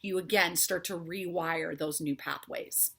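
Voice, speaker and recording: A woman's voice: on the low side, fairly even intonation, measured pace, creaky, sharp tone, breathy edge. A woman who is a faith-based health coach gives a motivational talk, speaking earnestly and directly to her viewers. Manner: earnest, encouraging, speaks straight to the listener.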